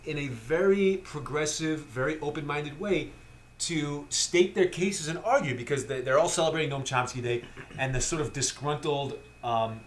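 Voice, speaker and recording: Male podcast co-host, mid pitch, lively storyteller, faint room hiss. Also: fairly quick. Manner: animated retelling, acts out quotes in high voices. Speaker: podcast co-host, film critic. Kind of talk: casual film review chat.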